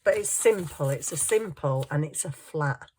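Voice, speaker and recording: At her desk at home, a craft journaling vlogger chats casually while she works, rambling and poking fun at herself with frequent chuckles. Her voice is deep, expressive and a bit mellow, at a moderate pace, with a little background noise.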